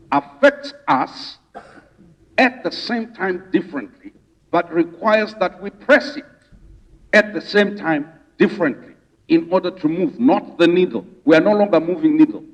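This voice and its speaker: A man's voice: high voice, animated, measured pace. A man from Zimbabwe speaking as a rights advocate to a conference audience, stirring the room with repeated rhetorical questions. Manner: rousing, rhetorical questions, preacher-like repetition. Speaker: rights advocate giving a speech. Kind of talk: public speech to an audience. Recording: distant, dull hall recording.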